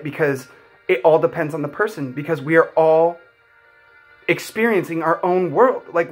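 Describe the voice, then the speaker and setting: Young male vlogger with a slightly raised pitch, sincere and rambling, speaks from the heart. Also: breathy edge. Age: young adult. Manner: heartfelt, rambling, many "like" fillers. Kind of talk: earnest personal storytelling.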